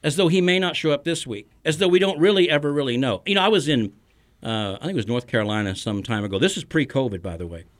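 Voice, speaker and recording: Earnest middle-aged pastor hosting a podcast. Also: male voice, mid-range voice, expressive, quick pace. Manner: earnest, storytelling, chuckles between points. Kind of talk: conversational podcast teaching.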